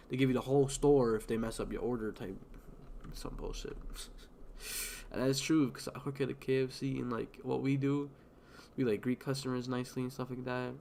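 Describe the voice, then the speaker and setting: A man's voice: mid-range voice, darkish tone, a little hiss or hum. A young man streaming a game, chatting in a loose, rambling way full of fillers, restarts and swearing. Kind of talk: casual rambling chat while gaming.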